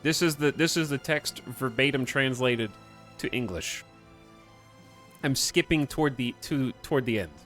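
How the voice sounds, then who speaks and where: A man's voice: mid-range voice, moderate pace, soft background music. Joking male streamer chatting casually. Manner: joking, animated, laughs often. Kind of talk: casual live-stream chat.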